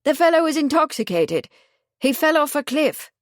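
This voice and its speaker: A woman's voice: high voice, sing-song, normal speed, dry recording, studio quality, pitched above the performer's own voice. A woman reading an audiobook, voicing a nervous, prickly middle-aged male inventor who speaks hastily and defensively. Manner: hasty, frosty, defensive. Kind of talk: audiobook character voice.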